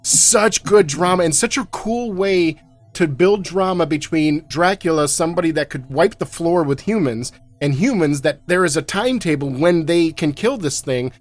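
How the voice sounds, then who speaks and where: A man hosting a podcast, chatting casually about a movie, animated and quick to laugh. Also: fairly high pitch, faint music behind. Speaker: podcast host. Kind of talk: casual movie-review chat.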